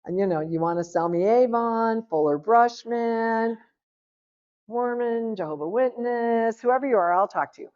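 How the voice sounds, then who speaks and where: A middle-aged woman giving a personal testimony at a church seminar, telling her story in a lively way and acting out the dialogue. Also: on the high side, a little slow. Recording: lo-fi, dull recording.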